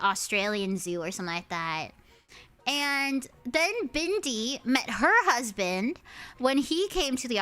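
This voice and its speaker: A young American woman streaming, chatting with her viewers in an animated, swearing storytelling manner. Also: fairly high pitch, clean tone. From United States. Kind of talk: casual chat with viewers. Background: faint background music.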